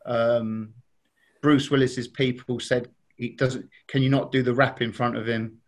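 A man's voice: mid-range voice, little pitch movement, measured pace, slight background noise. Chatty man telling stories. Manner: chatty, laughing, acts out quoted voices. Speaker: podcast guest. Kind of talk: casual anecdote telling.

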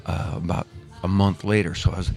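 Older man, low voice, from Missouri; chatty podcast guest spinning long anecdotes with restarts. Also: little pitch movement, fairly quick, a little mellow, soft background music. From Missouri, USA. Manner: rambling, with many restarts and quoted dialogue. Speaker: guest, former pro soccer player. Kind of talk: casual storytelling interview.

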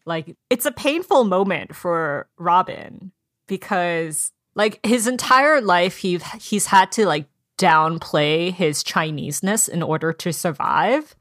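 A woman's voice: fairly low pitch, takes it slowly, dry recording. Chatty woman retelling scenes, close and dry. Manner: animated storytelling, acts out characters' lines. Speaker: book discussion co-host. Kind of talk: casual chat.

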